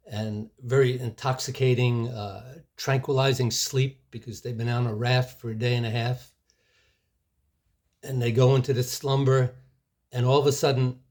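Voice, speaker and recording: A man preaching, telling an illustration story at an unhurried pace, with asides and small restarts. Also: medium pitch.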